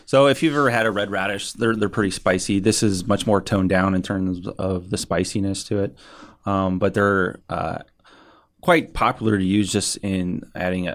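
A man being interviewed as a farmer, speaking in a relaxed, hesitant way with lots of ums. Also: deep voice, moderate pace, no echo, studio quality. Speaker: farmer and guest. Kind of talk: casual interview.

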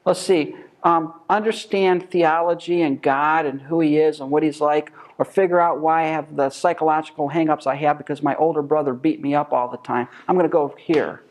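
A man's voice: fairly high pitch, steady tone, normal speed, few pauses. A man teaching a church Bible class, emphatic and full of rhetorical questions.

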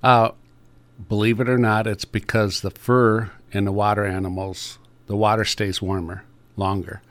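A man's voice: fairly low pitch, flat delivery, normal speed, fairly bright tone. A middle-aged man, a trapper chatting on the radio in a folksy, rambling way with many fillers. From Upper Peninsula of Michigan. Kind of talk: casual radio chat.

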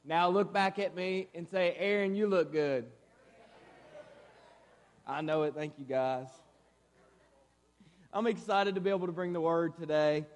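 Casting: high-voiced male guest preacher, chatty and playful, delivering a church sermon in a reverberant sanctuary. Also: normal speed. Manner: lively, conversational preaching with playful asides. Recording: reverberant hall.

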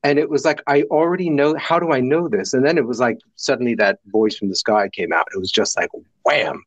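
A middle-aged man from the United States, a guest telling stories with animated delivery and acting out the people in them. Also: mid-range voice, fairly quick, dry recording. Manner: animated, acts out voices in his stories. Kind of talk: storytelling in a conversation.

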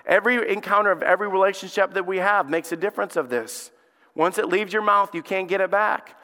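A man preaching a sermon as pastor, telling stories and acting out quotes with animated delivery. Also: sits high, fairly quick. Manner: animated storytelling, acts out quotes. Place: church sanctuary. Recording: reverberant church hall.

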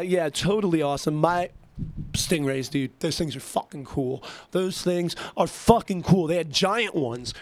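A young man telling a rambling, excitable story into a computer mic, swearing constantly. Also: a little high, no room sound. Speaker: vlogger. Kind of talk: casual rambling monologue. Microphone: computer mic at a keyboard.

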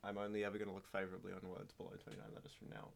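A man's voice: sits low, monotone, rapid-fire, gravelly, a little hiss or hum. An Australian man co-hosting a casual podcast, jokey and riffing with mock story narration. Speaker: podcast co-host.

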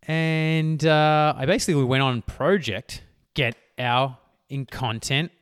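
A man's voice: on the high side, fairly even intonation, takes it slowly, clear, resonant tone, no room sound, studio quality. A man in his thirties, a business coach talking casually and rambling on his podcast, often correcting himself mid-sentence. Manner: rambling, self-correcting, chatty. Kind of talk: solo podcast monologue.

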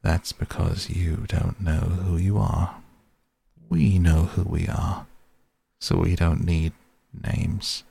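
A man with a deep, slow, gravelly voice voicing a dry, self-satisfied talking cat in a storybook reading. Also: fairly even intonation, dark tone, dry recording, full character voice. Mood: dry, aloof. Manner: dry, unhurried, superior.

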